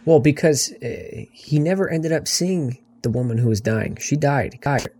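A man's voice: a little high, expressive, moderate pace, a little mellow, no echo. A man in a casual film discussion, laid-back and agreeable, adding details and trivia. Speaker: podcast co-host.

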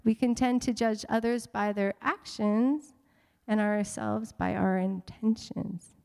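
A woman pastor preaching a sermon to a congregation, animated and playful, with teasing asides. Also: medium pitch, slow pace, gravelly, clear, resonant tone, in a large hall. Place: church sanctuary.

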